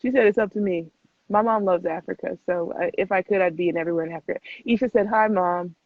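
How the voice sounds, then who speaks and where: A chatty young woman answers viewer questions in a relaxed live Q&A, talking quickly and breaking into laughs between answers. Her voice comes through thin and phone-like. The sound is close and dry, with no room around it. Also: fairly low pitch, dry recording. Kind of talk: casual live Q&A chat.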